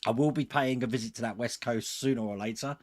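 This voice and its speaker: A man's voice: mid-range voice, fast talker. A man hosting a live stream, chatting casually with viewers and chuckling often. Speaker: host of a model-building channel.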